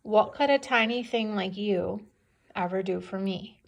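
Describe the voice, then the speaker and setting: A big male lion scoffs at the idea of ever needing help, with a woman reading the part aloud. He speaks slowly and mockingly, with a gravelly edge. It is a storybook read-aloud for children. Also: mid-range voice. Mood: scornful. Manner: mocking, laughing scorn.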